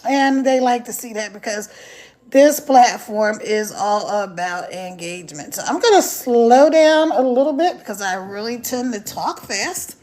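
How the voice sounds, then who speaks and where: A woman's voice: fairly high pitch, lively intonation, unhurried, darkish tone. A woman hosting a casual phone live stream, chatty and repetitive, greeting viewers by name. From United States. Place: mountains of Virginia.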